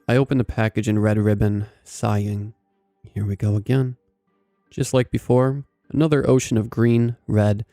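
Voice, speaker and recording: Man narrating a story, gravelly, dark mellow tone, dry close sound. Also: medium pitch, dry recording. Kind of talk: scripted first-person story narration.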